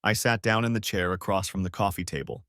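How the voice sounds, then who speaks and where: A man's voice: sits low, fast, bright, forceful tone, no room sound, studio quality. A man narrating a dramatic first-person audiobook story with emotional delivery.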